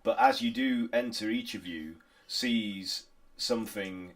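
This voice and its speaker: A man narrating as game master, halting and improvised, with many restarts. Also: on the low side.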